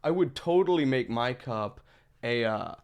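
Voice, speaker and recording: Gravelly man rambling on a game stream. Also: medium pitch, animated, measured pace, a little mellow, lo-fi sound. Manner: rambling, chatty, profane asides. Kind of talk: casual live-stream gaming chatter.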